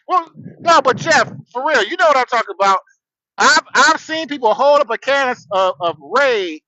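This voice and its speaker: A man's voice: extremely high pitch, animated, normal speed, bright, forceful tone, dry recording, dull audio. A man hosting a casual livestream from his truck on a headset, rambling in a laid-back way and greeting viewers. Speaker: livestream host. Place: outdoors, in a truck.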